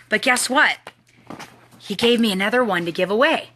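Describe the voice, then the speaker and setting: A woman's voice: mid-range voice, fast, slight background noise. A young woman chatting animatedly as she hosts a live team training stream. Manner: chatty and animated, talks to viewers. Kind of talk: casual live-stream chat.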